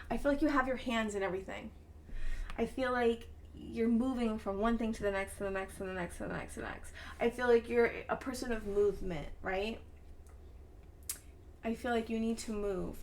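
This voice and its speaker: Effusive, fairly high-voiced woman reading tarot. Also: steady tone, normal speed, a little hiss or hum. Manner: effusive and encouraging, rambling with restarts. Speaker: tarot reader. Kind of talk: casual tarot reading to camera.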